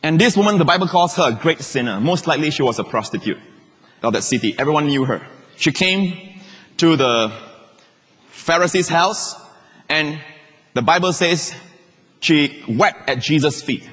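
A male pastor preaching a sermon in an emphatic way, repeating phrases and moving between shouts and quiet asides. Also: fairly high pitch, animated, moderate pace, long pauses, slightly rough. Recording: long reverb of a large hall.

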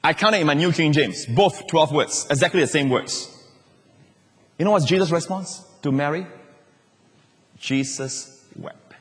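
Animated preaching man, higher voice, long hall reverb. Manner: animated preaching, rising to excited emphasis and dropping to soft, low asides. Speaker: pastor. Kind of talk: sermon.

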